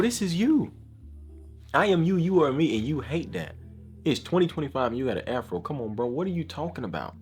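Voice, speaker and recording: A man vlogging a casual opinion rant, emphatic and slangy, often saying bro and asking if you know what he's saying. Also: medium pitch.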